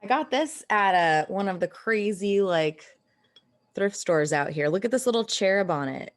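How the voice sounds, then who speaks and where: A woman's voice: medium pitch, lively intonation, moderate pace, dry recording, studio quality. An American woman co-hosting a casual podcast chat, playful and giggly with theatrical asides. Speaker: podcast co-host.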